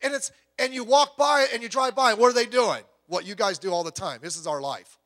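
Middle-aged male preacher, high and bright, casual and joking from the pulpit. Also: brisk. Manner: folksy, joking, conversational preaching. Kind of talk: sermon.

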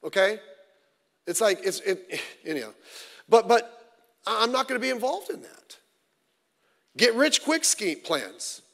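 A middle-aged male pastor delivers a sermon in a fairly high voice, animated and punchy, tossing out rhetorical questions and dry asides. The sound carries a long reverb from a church sanctuary. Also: unhurried, long pauses.

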